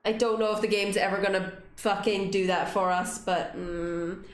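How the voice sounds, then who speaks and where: Expressive young female gamer reading narration and commenting; roomy sound. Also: medium pitch, normal speed. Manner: expressive, swearing, laughing asides. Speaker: let's play host.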